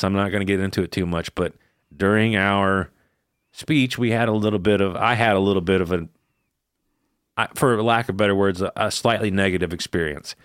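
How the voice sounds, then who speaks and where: A man's voice: low voice, no echo, clean studio sound. A man co-hosting a podcast, telling a personal story in casual chat, candid and swearing freely. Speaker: podcast co-host.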